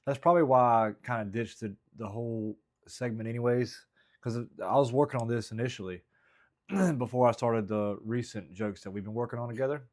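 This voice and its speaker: A man talks through his stand-up drafts in a relaxed vlog style. He rambles with frequent restarts and self-critical asides. His voice sits at an ordinary male pitch. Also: a little fast. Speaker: stand-up comedian. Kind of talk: casual vlog, working through stand-up material.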